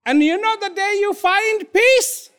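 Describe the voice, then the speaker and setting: A man giving an inspirational talk to an audience. He is emphatic, repeats key words and uses dramatic pauses. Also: extremely high pitch, fairly bright tone. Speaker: speaker. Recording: long hall reverb.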